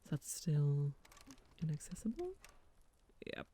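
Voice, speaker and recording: A streamer casually commenting on a game and reading lines aloud, musing and swearing in an unhurried way. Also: female voice, low-pitched, very animated, dark tone.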